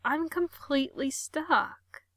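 A woman's voice: high voice, slow pace, fairly bright tone, no echo, voice pushed up. A woman voicing a panicky man who keeps swearing and pleading for help. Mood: frantic. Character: frantic naked man stuck in a bath.

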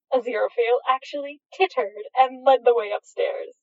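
A woman reading a story aloud in a slow, measured way. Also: a little high, no echo, recorded from a distance. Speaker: narrator. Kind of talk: reading fan fiction aloud. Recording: dull, dry, lo-fi.

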